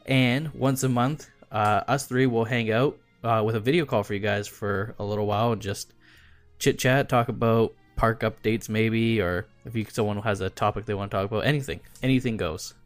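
A man co-hosting a casual podcast, relaxed, slowing down to read out promos. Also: lowish voice, dry recording, soft background music. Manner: relaxed, reads promos slowly and deliberately. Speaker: podcast co-host. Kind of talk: casual chat.

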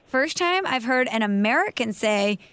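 A woman's voice: a little high, lively intonation, normal speed, fairly bright tone, smooth, no echo. A woman hosting a casual podcast, teasing her co-host and laughing often.

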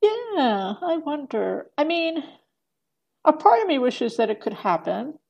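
A woman's voice: high-pitched, big pitch swings, measured pace, creaky, highs cut off. A middle-aged woman talking as a podcast guest, rambling through many fillers and restarts and laughing often. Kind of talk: casual podcast conversation.

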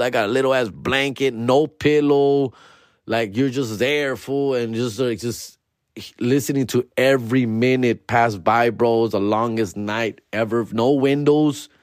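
A man's voice: medium pitch, no echo, studio quality. A young man, a podcast host telling a story in casual, profane slang mixed with Spanish.

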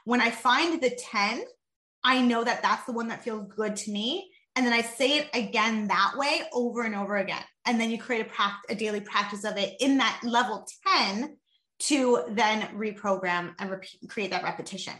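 A woman's voice: fairly high pitch, normal speed, echoey room. A woman coach explaining a mindset method with energy, acting out examples as she goes. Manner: energetic, demonstrates with body and voice. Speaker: guest coach.

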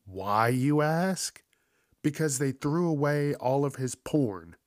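A man's voice: medium pitch, lively intonation, takes it slowly, dry recording, studio quality. A man giving casual, profane commentary on an odd news story, incredulous and laughing often.

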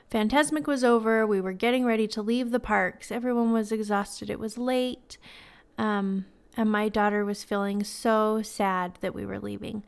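A woman's voice: mid-range voice, clean tone. A woman in her thirties hosting a podcast, telling stories in a chatty, sentimental way with some ums and laughs. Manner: emotional, tearful at times, sentimental. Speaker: podcast host. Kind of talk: casual podcast storytelling.

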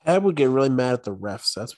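A man's voice: mid-range voice, sing-song, fast talker, darkish tone, no echo. A man co-hosting a casual sports chat, laid-back and matter-of-fact.

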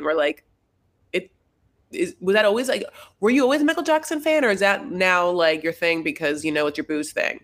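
A woman in easy podcast chat, talking in a middle-pitched voice. She hesitates often and trails off into fillers. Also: expressive, moderate pace, pauses often, fairly bright tone. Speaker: podcast co-host. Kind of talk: casual chat recapping a reality show.

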